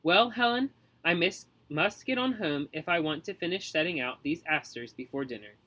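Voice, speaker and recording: A brisk, firm neighbor lady who won't stand for nonsense, as a male reader puts her on. She speaks in a raised, crisp voice with lively ups and downs. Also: fairly high pitch.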